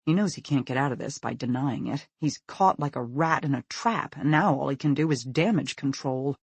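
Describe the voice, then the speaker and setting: A man narrating a thriller audiobook in an expressive, tense manner. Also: mid-range voice, normal speed, breathy edge, no echo.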